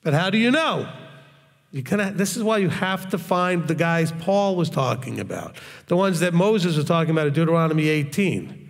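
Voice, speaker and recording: Blunt, gravelly male Bible teacher. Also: high-pitched, big-room sound. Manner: blunt, hard and straightforward; conversational, asks the audience questions. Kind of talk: informal recorded teaching.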